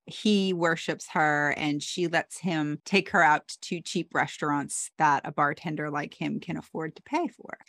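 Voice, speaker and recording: Low-voiced woman recapping a TV episode. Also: dry recording. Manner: animated retelling, quoting characters in quick asides. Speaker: podcast co-host recapping a TV episode. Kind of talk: casual recap chat.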